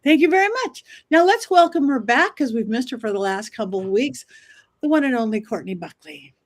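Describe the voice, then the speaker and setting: A woman hosting a panel show, welcoming guests in an upbeat manner. Her voice is a touch high and moves all over the place. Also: animated, a little fast. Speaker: podcast host.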